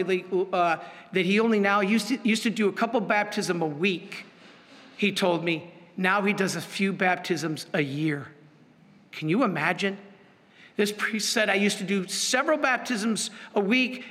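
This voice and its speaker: A man's voice: high-pitched, bright, forceful tone. Man, priest, earnest sermon, pleading repeats, reverberant hall. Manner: earnest, emphatic, repeats pleas.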